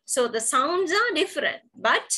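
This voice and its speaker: A woman's voice: high-pitched, big pitch swings, unhurried, bright, forceful tone, poor audio. A woman teacher giving an online poetry lesson, explaining terms step by step and repeating key words. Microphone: video call.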